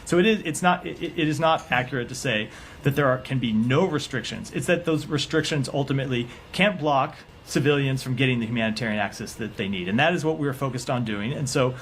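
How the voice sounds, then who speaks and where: A man answering questions at a press briefing as a government spokesperson, in measured, formal, carefully hedged wording. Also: mid-range voice, a little hiss or hum.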